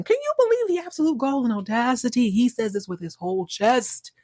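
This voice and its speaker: A woman hosting a podcast, animatedly recapping a TV episode in a casual, excitable way. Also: a little high, brisk, slightly rough, dry recording, studio quality. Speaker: podcast host.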